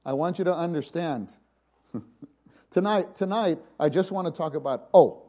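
A man preaching a sermon, shifting from hushed, slow passages to sudden loud, dramatic exclamations. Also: fairly high pitch. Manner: slow, emphatic delivery.

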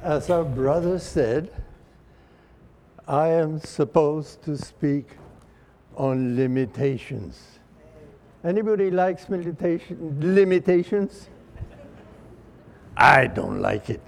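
A man giving a sermon at a church meeting, speaking in a measured way. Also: fairly high pitch, animated, gravelly. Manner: slow, measured delivery.

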